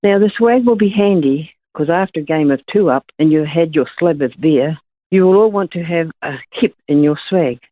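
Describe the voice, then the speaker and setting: A woman's voice: low voice, expressive, moderate pace, no echo. Aussie lady calling in, reading her poem, thin phone line, dry. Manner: chatty, reads with small laughs. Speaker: caller.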